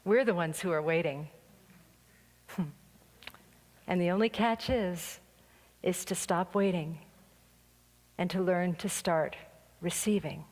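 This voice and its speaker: Chatty woman minister in a reverberant church. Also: fairly low pitch. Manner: chatty, anecdotal, with frequent light laughter. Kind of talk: conversational sermon. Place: church sanctuary. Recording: long reverb of a church hall.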